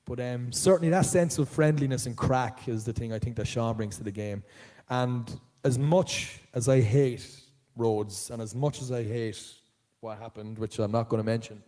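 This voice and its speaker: An Irish man, a voice actor answering fan questions at a live convention panel, telling stories in an animated way. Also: medium pitch, moderate pace. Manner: animated storyteller, jumps into voices of others. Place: large auditorium, live.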